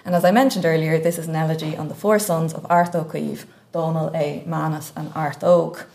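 Low, gravelly-voiced woman presenting research. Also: fairly even intonation, darkish tone. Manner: measured, careful delivery with frequent ums. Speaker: academic conference speaker. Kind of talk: reading a scholarly paper. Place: conference lecture room.

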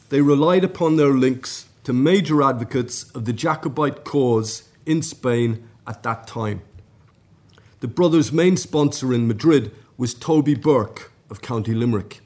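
Male academic, mid pitch, measured scripted conference talk. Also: darkish tone. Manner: measured, formal reading pace. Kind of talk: scripted academic paper reading. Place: conference room.

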